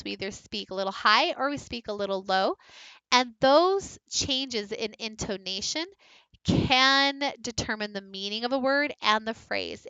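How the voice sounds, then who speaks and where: Woman, literacy coach, bright voice, smooth and crisp, dry muffled recording. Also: mid-range voice, no echo. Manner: clear, deliberate teacherly delivery. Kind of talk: recorded teacher training lesson.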